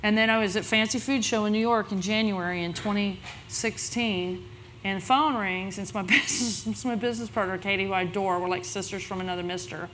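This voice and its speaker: A woman speaking on a conference panel about her business, telling the story in a lively, chatty way. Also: a little fast, noisy background. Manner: lively storyteller, quotes others with big pitch jumps.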